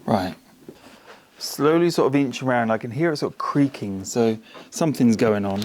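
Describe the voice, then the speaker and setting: With lively intonation in a mid-range voice at a moderate pace, a car restoration vlogger works in his home garage amid background noise. He mutters casually to himself and the camera, wry and self-mocking, and sounds like he's straining.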